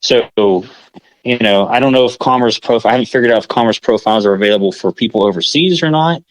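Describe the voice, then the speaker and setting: A medium-pitched American man speaks at a quick pace as a podcast co-host, rambling in casual conversation and stopping to correct himself amid heavy filler. The recording is low quality and has no room sound.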